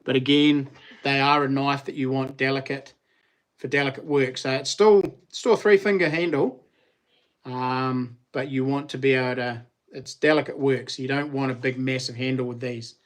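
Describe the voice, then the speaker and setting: A man's voice: medium pitch, steady tone, normal speed. A middle-aged man, chatting casually about his handmade knives, easygoing and rambling with ums and restarts. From New Zealand. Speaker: vlogger and knife maker. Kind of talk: casual show-and-tell chat.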